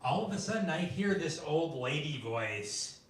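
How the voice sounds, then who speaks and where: A man doing stand-up at an open mic, telling stories in an animated way and jumping into high voices for the people he quotes. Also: measured pace. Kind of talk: stand-up storytelling. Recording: echoey room, from a distance.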